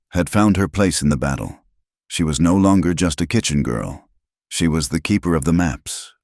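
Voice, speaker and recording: A man narrating a western story in a measured, even storytelling manner. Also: a bass voice, no room sound, studio quality. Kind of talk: scripted narration.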